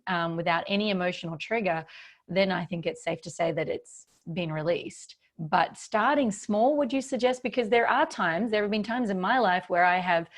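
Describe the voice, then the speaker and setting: A woman hosting a podcast interview, talking candidly and reflectively with frequent fillers and restarts. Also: mid-range voice. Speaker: podcast host. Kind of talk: conversational interview.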